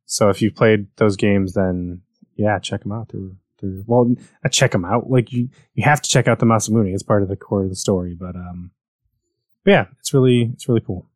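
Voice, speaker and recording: A man's voice: on the low side, normal speed, darkish tone, no room sound, studio quality. An American man chatting casually about video games, rambling and correcting himself as he goes. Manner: rambling, self-correcting, enthusiastic.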